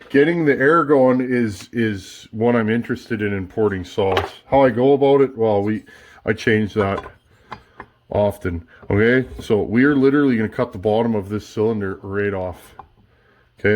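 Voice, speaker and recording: A man's voice: fairly low pitch, a little mellow, slight background noise. A man hosting a casual workshop tutorial, thinking aloud as he works, restarting sentences and checking in with "okay?" often. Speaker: chainsaw builder and channel host.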